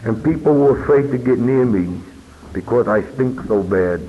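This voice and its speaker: A man telling his personal recovery story as a meeting speaker, earnest and unhurried, with emphatic pauses. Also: medium pitch, animated, a little hiss or hum. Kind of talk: personal testimony talk. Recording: dull lo-fi recording with long hall reverb.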